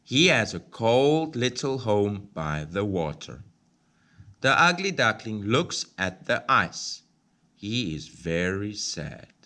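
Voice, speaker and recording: Slow, expressive man reading a storybook. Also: fairly low pitch. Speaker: storybook reader. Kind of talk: reading a children's picture book aloud.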